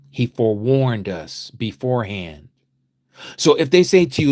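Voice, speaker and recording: A man teaching a livestreamed scripture lecture, preaching emphatically and repeating phrases, his voice swinging from quiet to loud. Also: medium pitch, big pitch swings, unhurried, no room sound, clean studio sound. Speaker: Bible study teacher.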